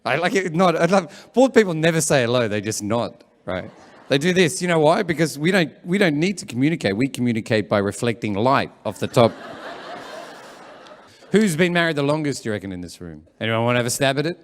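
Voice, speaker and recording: A man's voice: mid-range voice, very animated, a little fast, in a large hall. A man hosting an event as a comedian, chatty and teasing the crowd live. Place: live event room with audience.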